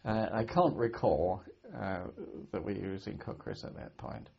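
An older man from Britain recounts his wartime service in a halting way, stopping, restarting and repeating words as he remembers. His low voice is heavily gravelly and husky. The recording is a dull, lo-fi archive tape. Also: lively intonation. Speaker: war veteran recalling his service. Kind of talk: oral history interview.

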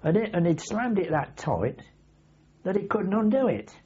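An older man tells vivid, salty anecdotes in casual oral-history storytelling, with a husky voice. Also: sits high, very animated, normal speed. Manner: vivid anecdotal, salty language, acts out his own shouts. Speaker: veteran recounting wartime memories. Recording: dull lo-fi archive recording.

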